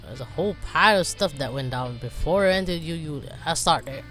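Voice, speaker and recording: A woman voicing a gruff, laid-back male detective who talks curtly. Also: low-pitched, animated, fairly quick, fairly bright tone, soft background music, pitched below the performer's own voice.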